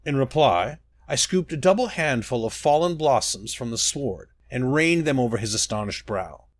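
A man reading a fantasy book aloud in measured, expressive narration. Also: medium pitch. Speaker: audiobook reader. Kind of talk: scripted storybook narration.

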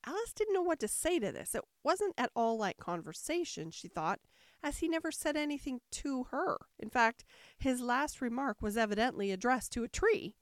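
A woman reads a children's classic aloud, her voice rising and falling with a lively storytelling lilt. The sound is dry and close, with no room echo at all. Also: high voice, moderate pace. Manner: expressive, storytelling cadence. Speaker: audiobook reader. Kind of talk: storybook narration.

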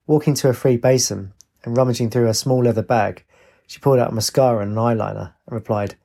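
A man, reading a story aloud as narrator in a steady, even way. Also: mid-range voice, fast, vocal fry.

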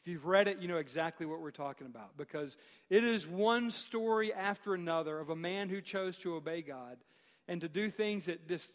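A man preaches with a notably high voice, pressing his points with repetition and slowing for emphasis. His words ring out with a long reverb, as in a church sanctuary. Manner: emphatic, repeats phrases, slows for key lines. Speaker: pastor. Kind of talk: sermon.

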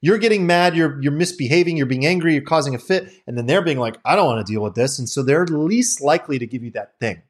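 A man's voice: a little high, fast, hardly any pauses. A man hosting a podcast, talking through psychology ideas in a candid, casual monologue and swearing now and then. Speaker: podcast host.

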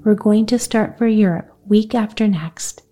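A woman voicing a wealthy father who speaks gravely and decisively in a bedtime storybook. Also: mid-range voice, unhurried, dark tone, faint music behind, natural voice.

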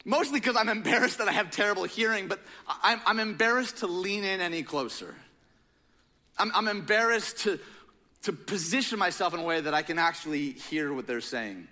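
A young man preaching a sermon in a casual, joking, animated storytelling manner. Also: high-pitched, brisk. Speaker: pastor.

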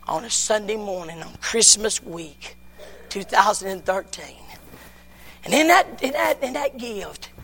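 A man preaching a sermon, telling a story and moving between hushed tones and near-shouting, with repeated words and folksy grammar. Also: sits high, vocal fry, slight background noise. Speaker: pastor.

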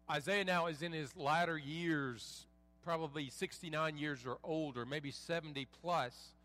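A man preaching as a pastor, reading scripture and praying in an earnest, measured way with folksy asides, a bit under the weather. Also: a little high, fairly bright tone. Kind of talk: sermon with scripture reading and prayer. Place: church sanctuary.

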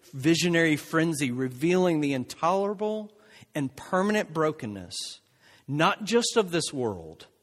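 Expressive male preacher in a reverberant hall. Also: on the high side. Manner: expressive, dramatic swings between soft and emphatic. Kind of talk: sermon.

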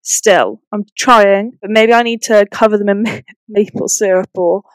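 A woman's voice: medium pitch, steady tone, normal speed, no echo. A woman co-hosting a podcast, chatting casually with short reactions and asides. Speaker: podcast co-host. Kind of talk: casual chat.

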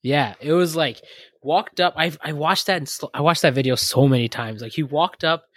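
A man co-hosting a casual chat podcast, joking and animated as he talks. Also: fairly high pitch, moderate pace, no echo, clean studio sound. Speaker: podcast co-host.

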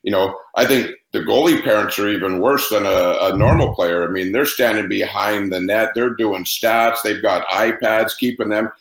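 A man's voice: lowish voice, moderate pace, creaky, hardly any pauses, fairly bright tone, roomy sound, poor audio. A man who coaches hockey, answering interview questions with passionate, emphatic opinions.

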